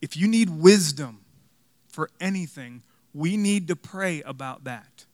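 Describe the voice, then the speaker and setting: A man's voice: on the high side, a little slow, no echo. Storytelling preacher man, dry close sound. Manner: storytelling, animated, self-mocking humor. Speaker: pastor. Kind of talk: sermon.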